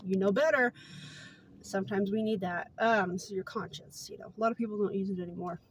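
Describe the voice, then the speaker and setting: Woman, late 20s, everyday mid-pitch voice, earnest and chatty casual vlog storyteller. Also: fairly even intonation, fast talker, a little hiss or hum. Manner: candid, earnest and chatty, with many fillers. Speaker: vlogger.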